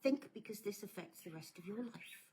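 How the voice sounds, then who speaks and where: A woman's voice: medium pitch, animated, moderate pace, mellow, a little hiss or hum. A woman speaking bluntly and earnestly to viewers as a scam awareness advocate, pleading with them to think. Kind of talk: casual warning talk to viewers.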